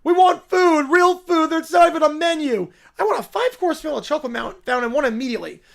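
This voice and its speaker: A man's voice: very high voice, expressive, fast talker, creaky, pitched above the performer's own voice, heavily acted. A man doing a whiny spoiled little furry royal. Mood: petulant. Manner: whining, petulant, demanding. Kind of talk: read-aloud donation story.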